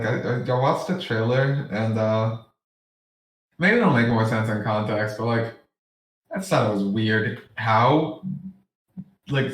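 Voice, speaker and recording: Wry man, echoey and distant. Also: mid-range voice. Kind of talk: casual chat. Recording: roomy, distant mic.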